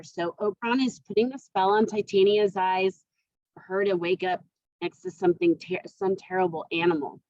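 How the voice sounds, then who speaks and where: A woman's voice: medium pitch, fairly even intonation, normal speed, darkish tone, no room sound, highs cut off. A woman teacher who reads a play aloud in turn and then retells each part in casual everyday words. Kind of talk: reading and explaining a play to students.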